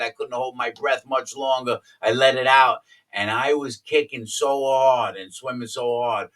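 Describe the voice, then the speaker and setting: A man's voice: mid-range voice, unhurried, distant mic. A man telling his own life story in a casual, rambling way, full of fillers and restarts, sometimes acting out what people said. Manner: rambling, lots of fillers and restarts, acts out quotes loudly.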